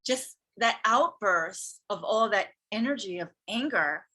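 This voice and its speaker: A woman who teaches yoga and spirituality, telling a personal story in casual conversation, earnest and animated. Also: mid-range voice, a little slow, hardly any pauses. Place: Hawaii.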